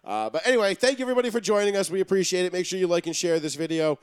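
Fast-talking casual podcast guy. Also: high voice, animated, clean tone. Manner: laid-back, swears freely. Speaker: podcast co-host. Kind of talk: casual banter among friends.

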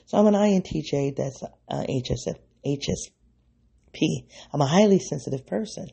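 A man's voice: fairly high pitch, animated, normal speed, vocal fry, mellow, breathy edge. A man hosting his own podcast, thinking aloud in a rambling, self-interrupting way and speaking straight to his listeners. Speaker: podcast host. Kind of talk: reflective solo podcast monologue.

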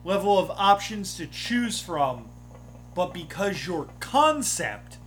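A man's voice: high-pitched, takes it slowly, soft background music. A man running a tabletop game, talking casually and acting out lines from the table, with frequent swearing. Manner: animated, acts out table dialogue, swears. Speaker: game master. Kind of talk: casual chat.

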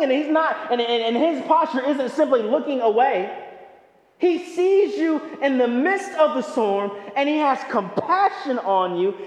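A man's voice: very high-pitched, lively intonation, unhurried, reverberant, big-room sound. A male pastor preaching a sermon in an emphatic, conversational way with touches of humor.

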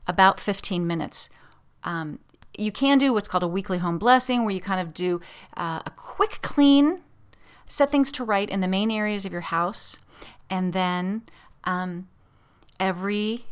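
A woman's voice: medium pitch, smooth. A woman podcast host chatting casually from a home office, rambling along with many fillers and restarts. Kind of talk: casual chat. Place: husband's home office at his desk.

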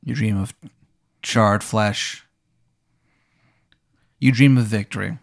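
A man's voice: fairly low pitch, creaky. A man narrating as game master in a comedic role-play, rambling and swearing, with lots of fillers. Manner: rambling, profane, halting with many fillers.

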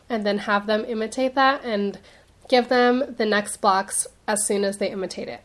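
A woman's voice: mid-range voice, fairly even intonation, brisk. A woman speech pathologist hosting an advice podcast, chatty and explanatory, her nose stuffy as she gets over being sick. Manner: chatty, explanatory, with many fillers.

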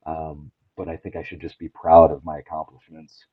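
A middle-aged man with a very deep voice talks earnestly and haltingly, restarting his sentences often. His voice comes through a thin, phone-like line with no room sound at all. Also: completely flat delivery, husky, no room sound. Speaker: podcast guest. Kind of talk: candid personal conversation. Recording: tinny phone-like line, dry.

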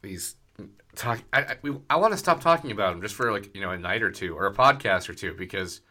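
A man co-hosting a casual podcast talks politics in a sardonic, rambling way. His voice is bright and forward, and he often stops to restart a thought. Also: lowish voice, animated, fast. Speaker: podcast co-host.

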